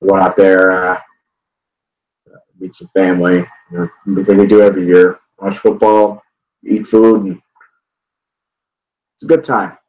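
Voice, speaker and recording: With a deep, level voice, this young man speaks slowly and leaves long pauses. He's a northeast Ohio sports vlogger chatting loosely about a game, cursing a lot and starting sentences over. The audio is dull and lo-fi.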